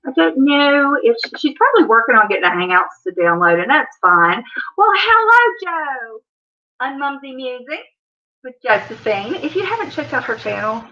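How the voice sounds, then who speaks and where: A woman's voice: high voice, expressive, normal speed, sharp tone. A woman with a Southern accent hosting a casual livestream, chatty and rambling, talking to viewers by name. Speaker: livestream host. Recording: dull lo-fi stream audio.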